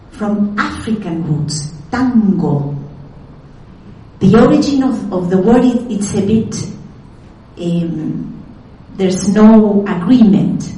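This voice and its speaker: A woman from Argentina, giving a lecture in a slow, deliberate way, carefully spelling out each word. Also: medium pitch, dark tone. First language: Spanish. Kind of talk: lecture on language history. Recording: echoey room, speaker far from mic.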